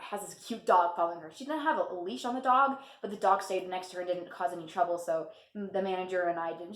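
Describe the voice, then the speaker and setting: Brief: young woman, casual storytime vlogger, giggly and rambling, roomy echo. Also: mid-range voice. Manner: chatty, laughs often, lots of fillers. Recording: echoey room.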